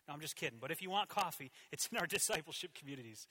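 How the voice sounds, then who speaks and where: A man in his thirties preaching a sermon in a church, telling a personal story with animated swings between loud and hushed delivery. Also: a little high, racing, breathy edge. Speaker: pastor.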